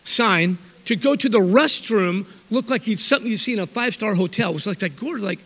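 With hardly a pause, a man speaks a little fast in a high, animated, slightly bright voice, telling a church audience a wandering story that mocks himself. He often backtracks to correct himself mid-sentence, and the recording has a long hall reverb.

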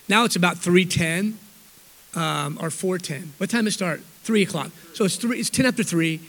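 A man with a high, fairly bright voice and normal speed recounts a rambling, self-deprecating story to a church crowd. He frequently revises his sentences midway. Long hall reverb colors the recording.

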